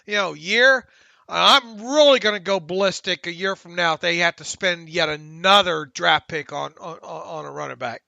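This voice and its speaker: A man hosting a sports podcast, his voice pitched high with a crackly, gravelly texture. He sounds bright and sharp, recorded close and dry with no room sound. He chats casually and opinionatedly, restarting his sentences often. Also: no room sound, dull audio. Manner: halting, opinionated, self-deprecating. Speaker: podcast host.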